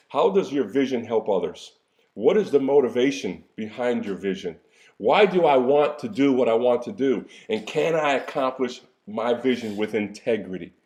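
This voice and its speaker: A man's voice: mid-range voice, expressive, normal speed, darkish tone. Preacherly motivational coach man. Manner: preacherly, exhorting with rhetorical questions. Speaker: life coach. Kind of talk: motivational talk.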